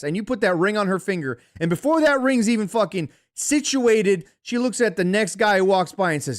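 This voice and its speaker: A man co-hosts a casual football podcast, his voice sitting a touch high. He rants in heated, profane bursts, recorded dry and close with no room around him. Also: lively intonation, moderate pace, dry recording. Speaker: podcast co-host. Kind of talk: casual sports chat, reading super chats.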